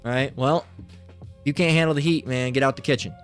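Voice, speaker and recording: A man's voice: mid-range voice, steady tone, brisk, faint music behind. A man giving an informal Bible teaching, rambling and swearing freely, often mocking people as he goes. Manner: rambling, profane and mocking, with frequent filler.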